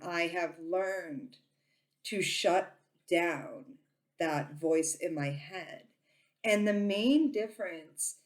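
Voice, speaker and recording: A woman who reads tarot, talking casually to her viewers and saying she talks very loudly, with lots of ums and restarts. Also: lowish voice. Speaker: tarot reader and psychic. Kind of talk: casual informational talk to camera.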